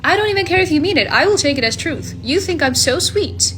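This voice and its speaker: Woman, from Finland, vlogger, playful, high lively voice, faint noise behind. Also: brisk. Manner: playful, gushing, exaggerated. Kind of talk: casual talk to camera.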